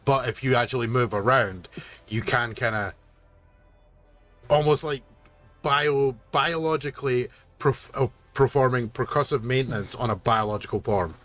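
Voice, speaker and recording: A man's voice: medium pitch, normal speed, fairly bright tone, soft background music. A man chatting casually on a gaming stream, rambling with restarts and casual swearing.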